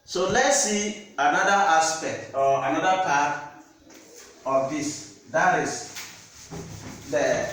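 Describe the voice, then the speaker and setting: A man teaching slowly and patiently, with a fairly high voice. He repeats every word and keeps checking that the listener follows. He sounds far from the mic, in a very echoey room with faint noise behind him. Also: a bit bright. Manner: slow, repeats words and checks understanding. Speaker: French teacher. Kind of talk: classroom-style language lesson.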